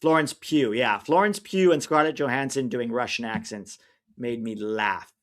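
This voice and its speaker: A man hosting a live stream, talking in an easygoing, rambling way as he reads viewer comments. His voice sits at an ordinary middle pitch. He gives relaxed opinions and trails off when he is hunting for a name. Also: normal speed. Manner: rambling, chatty, loses track of names mid-sentence. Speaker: livestream watch-along host. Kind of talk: casual livestream chat, reading viewer comments.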